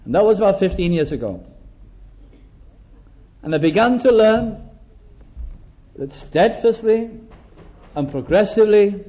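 An older man preaching a sermon, slowing down to stress key words and acting out small exchanges. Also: high-pitched, dark tone. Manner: slows down for emphasis, acts out little dialogues. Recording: dull lo-fi recording.

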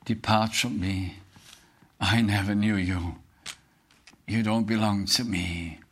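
Older British male preacher; earnest, slow sermon delivery with hymn recitation. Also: fairly low pitch, fairly even intonation, slightly rough.

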